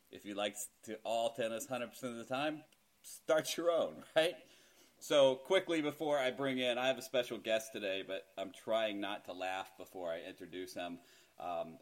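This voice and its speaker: A middle-aged man hosting a casual podcast, chatty and self-deprecating, laughing easily as he talks. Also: fairly low pitch. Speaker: podcast host.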